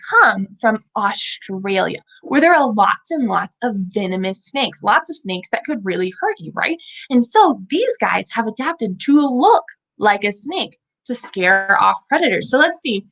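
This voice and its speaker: Sound effects, questions to the kids, and a playful sing-song delivery mark this young woman's hosting of a children's animal show meant to educate young viewers. Her voice sits on the high side with a fairly bright tone, and the audio quality is poor.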